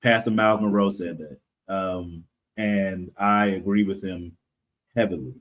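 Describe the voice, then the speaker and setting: A man from the United States talking casually as a podcast guest, halting with fillers and laughing often. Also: sits low, fairly even intonation, fairly bright tone. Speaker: podcast guest, comic creator. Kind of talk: casual interview conversation.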